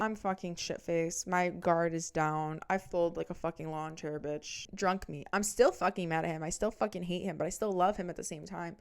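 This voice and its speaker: A woman, telling a profane, animated story as a podcast host and acting out both sides of the arguments. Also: on the low side, brisk, few pauses, clean tone. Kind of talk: casual storytime monologue.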